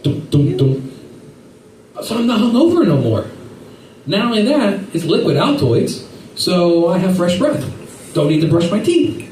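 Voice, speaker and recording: A man doing a stand-up set, telling rambling stories in an animated way with silly voices. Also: high voice, moderate pace. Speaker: stand-up comedian. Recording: echoey room from far off with faint noise.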